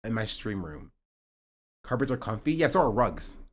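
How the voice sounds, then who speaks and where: Lively young man chatting on stream. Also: on the low side, moderate pace. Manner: joking and sarcastic, reading chat aloud; rising to animated ranting. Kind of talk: casual livestream chat.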